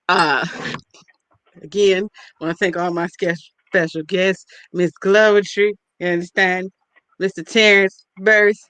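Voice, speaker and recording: A woman's voice: lowish voice, dry recording. A woman hosting a podcast in casual chat, playful and joking, talking straight to her listeners. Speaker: podcast host.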